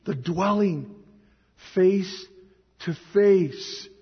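Husky-voiced, emotional preacher. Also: male voice, high-pitched, drawn-out words. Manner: emotional, emphatic, swings to shouting. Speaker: pastor. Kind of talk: sermon. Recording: echoey hall, dull lo-fi sound.

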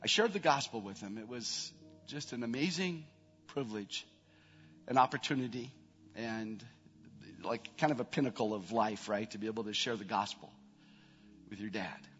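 A man's voice: on the low side, normal speed, pauses often. Man preaching a sermon in a reverberant hall. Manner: preaching with rising emphasis, then soft prayer. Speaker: pastor. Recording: long reverb, dull band, faint music.

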